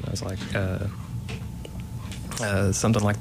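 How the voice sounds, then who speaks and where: A man in his late twenties from Kentucky, talking casually as a playwright guest. His voice sits low, and he keeps pausing and restarting his sentences. Faint noise runs in the background. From Kentucky, USA. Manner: hesitant, many ums and restarts. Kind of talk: casual interview.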